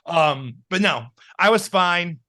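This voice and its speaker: A man's voice: sits high, expressive, slow, pushed and bright. A young man co-hosting a podcast, telling a rambling story in casual chat and laughing often. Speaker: podcast co-host.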